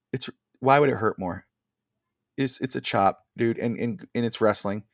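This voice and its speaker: A man's voice: mid-range voice, normal speed, dry recording, clean studio sound. A man co-hosting a casual wrestling podcast over a video call, rambling with many fillers and restarts. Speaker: podcast co-host.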